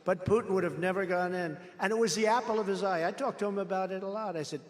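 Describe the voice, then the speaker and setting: A man's voice: high-pitched, fast talker, long reverb tail. A man giving an off-the-cuff political rally speech, boastful and repetitive, telling rambling stories in a large indoor venue. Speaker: political speaker.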